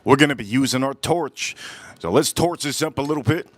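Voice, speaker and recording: A man in the middle of his pitch range hosts a live cigar review outdoors, his voice still groggy from just waking up. He talks in a relaxed, loose way, repeats phrases and greets viewers in the chat. The sound is dry and close. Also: brisk, dry recording. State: groggy morning voice, just woke up. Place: outdoors, windy.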